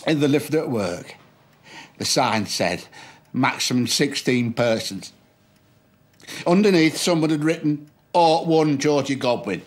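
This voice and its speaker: A gentle, wounded middle-aged man, played by an actor in a TV comedy-drama, speaking softly. He talks plainly and kindly, calling people love, with a mid-range voice. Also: mid-range voice, animated, measured pace, pauses often, natural voice. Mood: confessional. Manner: soft-spoken, plain, calls people love.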